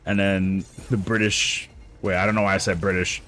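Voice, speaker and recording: A male gaming streamer with a somewhat low voice, chatting loosely as he plays. He rambles from one joke to the next, swearing freely in a relaxed, offhand way. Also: moderate pace. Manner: rambling, profane, joking. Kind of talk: casual chat while playing.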